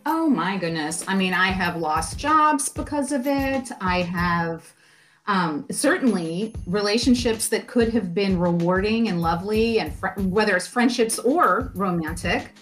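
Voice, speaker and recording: A middle-aged woman, a life coach, talking as a podcast guest in a lively, expressive way with playful asides. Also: medium pitch, unhurried. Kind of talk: podcast interview.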